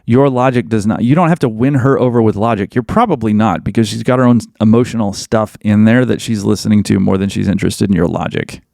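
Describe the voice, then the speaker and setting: A man holds forth as a podcast host, blunt and emphatic, driving each point home by saying it again. His voice sits at a middling pitch with a noticeably gravelly, fry-heavy texture. The recording is close and dry, with no room sound around him. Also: steady tone, fast talker, few pauses, a little mellow, no room sound. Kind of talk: opinionated podcast monologue.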